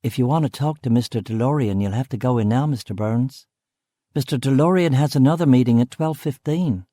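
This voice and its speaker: A man voicing a polite, formal young female secretary with a crisp way of speaking. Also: medium pitch, brisk, mellow, dry recording, clean studio sound, lightly acted.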